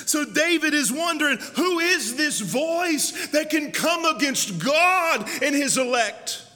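Fiery high-voiced young preacher. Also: male voice, lively intonation, slow. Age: young adult. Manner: fiery, shouting preacher with repeated phrases. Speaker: pastor. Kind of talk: sermon. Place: church sanctuary. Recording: long church hall reverb.

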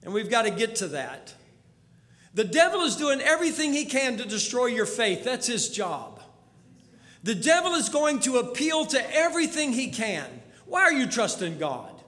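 A man preaching a sermon as a storyteller, dropping to a hush and then rising to urgent pleas. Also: extremely high pitch, sing-song, moderate pace. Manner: storytelling, swings from hushed to urgent. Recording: long hall reverb.

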